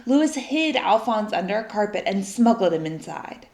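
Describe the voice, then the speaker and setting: A woman reading a children's story aloud in an expressive, lively way. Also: medium pitch, moderate pace. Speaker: storybook reader. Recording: echoey room.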